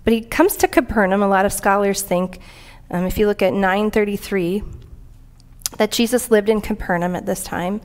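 A woman's voice: mid-range voice, moderate pace, darkish tone. Earnest woman preaching a conversational sermon. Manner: earnest, plain-spoken, reads aloud from a commentary.

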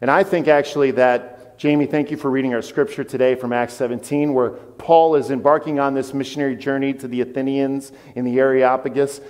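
A man preaching a sermon as pastor, animated and conversational with his congregation. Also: medium pitch, fairly quick, few pauses, in a large hall. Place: church.

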